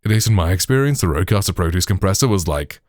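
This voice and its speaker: Deep-voiced British man explaining gear. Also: expressive, fast, darkish tone, dry recording, clean studio sound. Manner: chatty, with frequent "like", "you know" and "right". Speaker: tech tutorial host. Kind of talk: casual tutorial explanation. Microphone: processed studio microphone.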